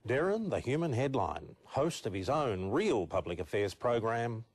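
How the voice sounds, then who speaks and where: Brief: male narrator, measured scripted delivery, animated intonation. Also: medium pitch. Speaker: documentary narrator.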